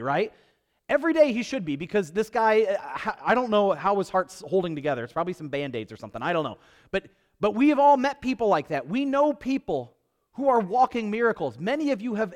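A male pastor preaching a sermon to his congregation, emphatic and repetitive, with joking asides. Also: high-pitched. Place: church before a congregation.

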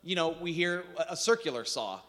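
A man preaching a sermon in a church, animated and joking as he acts out scripture quotes. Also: fairly high pitch, fairly quick. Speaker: pastor. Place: church sanctuary. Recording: reverberant hall.

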